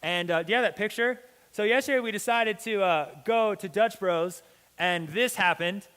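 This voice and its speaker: Young man, youth pastor, chatty sermon storytelling, slightly high voice, long hall reverb. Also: moderate pace. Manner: animated, chatty storytelling with many "like"s. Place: church hall.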